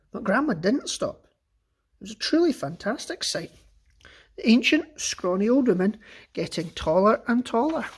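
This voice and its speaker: A man teacher reading a children's book aloud with expressive, lively storytelling. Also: sits high, slightly rough.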